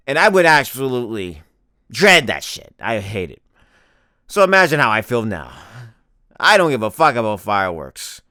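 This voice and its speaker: A man's voice: medium pitch, bright, forceful tone, no echo, studio quality. A young man in his twenties doing a crude, exasperated comedic rant as a vlogger.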